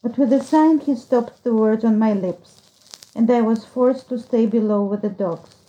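A woman narrating a story as an audiobook reader, in a slow, measured storytelling manner, on a dull lo-fi recording. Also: fairly high pitch, dark tone. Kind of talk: scripted narration.

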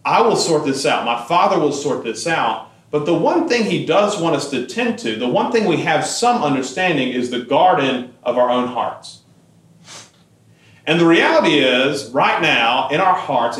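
A Catholic priest giving a homily, telling a personal story in a relaxed, conversational way with occasional fillers. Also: male voice, mid-range voice, reverberant.

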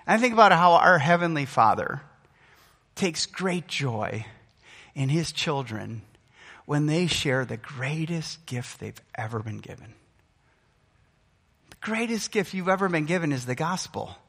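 A man's voice: a little high, big pitch swings, measured pace, pauses often, a bit bright, slightly rough. A middle-aged man preaching a sermon as pastor, earnest and emphatic, his delivery rising and falling. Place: church sanctuary. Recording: long hall reverb.

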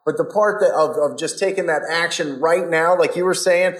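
An enthusiastic host keeps a casual interview moving with lots of chatty remarks. The voice sits in a middle pitch, and the room sounds noticeably echoey. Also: moderate pace. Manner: enthusiastic, chatty, laughs often. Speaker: podcast host. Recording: roomy sound.

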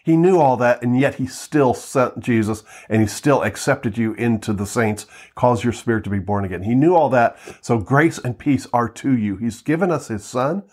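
A man giving an earnest Bible teaching, slowing down to read verses and often repeating words as he talks. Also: mid-range voice, a little mellow. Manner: earnest, reads scripture slowly, repeats words. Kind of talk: teaching sermon. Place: at home, seated with Bible on lap.

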